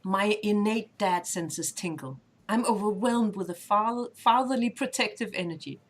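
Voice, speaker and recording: A woman's voice: mid-range voice, moderate pace, few pauses. A woman, not a native English speaker, streaming and reading a dating game aloud with playful, laughing narration. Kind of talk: reading game text aloud, casual chat. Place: home streaming setup.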